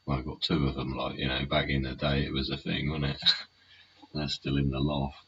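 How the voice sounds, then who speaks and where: A man with a bass voice and completely flat delivery, speaking at normal speed, hosts a live solo show from home where he rambles, swears a lot, and adds tag questions to his points. The audio is muffled and lo-fi, carrying a faint hiss.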